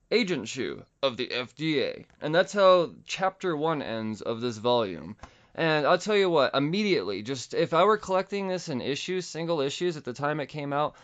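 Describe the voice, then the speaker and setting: A man hosting a podcast, casually recapping a comic book with profanity and quick voice impressions. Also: medium pitch, dull audio. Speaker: podcast host.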